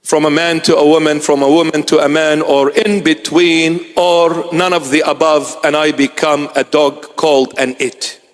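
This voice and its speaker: A man preaching a sermon in a slow, emphatic way, with dramatic repetition of his phrases. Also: on the high side, steady tone. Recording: long reverb of a large hall.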